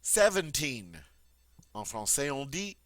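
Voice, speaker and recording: A man teaching French pronunciation, repeating each word slowly and clearly before explaining it. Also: mid-range voice, very animated, fairly bright tone, dry recording. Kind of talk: pronunciation lesson.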